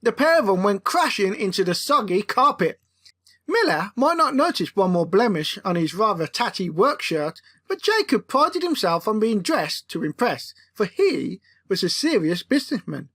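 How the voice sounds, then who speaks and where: A woman reading her own comic novel aloud with a playful, expressive delivery. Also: medium pitch, moderate pace, husky. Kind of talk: comic audiobook narration.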